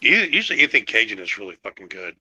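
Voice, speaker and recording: Man, stream guest, very bright, lively pitch, crude joking one-liners. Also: fast talker, husky, highs cut off. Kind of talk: casual livestream chat.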